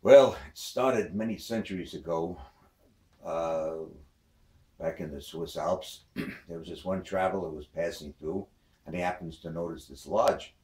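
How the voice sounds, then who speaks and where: A man's voice: sits low, measured pace, a little mellow. A man telling a long joke in a rambling way, full of "uh" and "you know". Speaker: joke teller. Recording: echoey room, distant mic.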